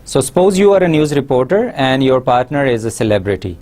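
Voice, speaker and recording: A man giving a recorded university lesson, explaining slowly with many pauses and fillers. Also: medium pitch, big pitch swings, darkish tone. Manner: slow, explanatory, frequent uh fillers. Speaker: English lecturer.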